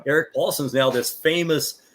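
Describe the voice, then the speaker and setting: An older man, a martial arts instructor, chatting as a guest in a rambling, animated way with many fillers and restarts. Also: a little high, normal speed, a little hiss or hum. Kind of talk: casual storytelling.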